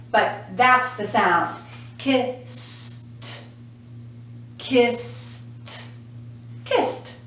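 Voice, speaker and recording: A woman teaching pronunciation, speaking slowly and patiently in a somewhat high voice and repeating each sound so learners can copy it. She is recorded from a distance in a very echoey room, with a faint hum underneath. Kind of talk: classroom lesson to camera.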